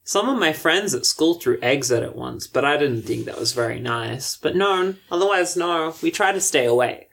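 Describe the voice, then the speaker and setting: A woman's voice: low-pitched, expressive, moderate pace, vocal fry, few pauses. A woman voicing an earnest, anxious young schoolboy who talks shyly in a tabletop game. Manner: shy, earnest.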